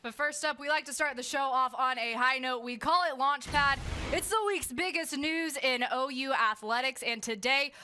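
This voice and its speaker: A woman's voice: high-pitched, normal speed, sharp tone, a little hiss or hum. A young woman anchoring a student sports show, reading upbeat, polished intros. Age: young adult. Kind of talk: scripted sports news read.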